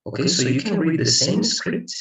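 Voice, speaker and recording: A man's voice: a little high, big pitch swings, normal speed, vocal fry, a bit bright. A man tutoring English over a video call, talking in a rambling way with many restarts and repeats. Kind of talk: online tutoring lesson. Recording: echoey room, far from the mic.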